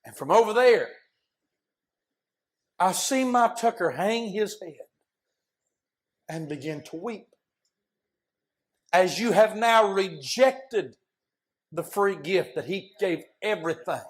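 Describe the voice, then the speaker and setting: A man preaching a sermon as an impassioned storyteller who often shouts. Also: high-pitched, animated, takes it slowly, pauses often.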